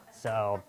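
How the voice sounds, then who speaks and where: A young man from Long Island, doing a stand-up comedy set with a deadpan delivery. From Long Island, New York. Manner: deadpan, mocking voices of others. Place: comedy club.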